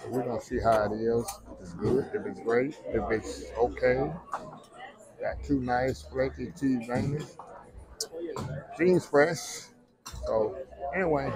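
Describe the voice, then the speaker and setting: A mid-range male voice belongs to a Texas food vlogger casually narrating from a cruise ship, folksy and chatty as he speaks directly to viewers and keeps saying "y'all." The recording is low quality, with busy crowd chatter behind.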